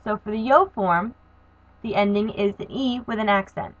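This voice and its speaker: A woman walks through a grammar lesson, explaining methodically and spelling out endings one letter at a time. Her voice sits at a middling pitch. The recording is dull and lo-fi, with a dry, close sound. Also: normal speed, no echo. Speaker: Spanish teacher.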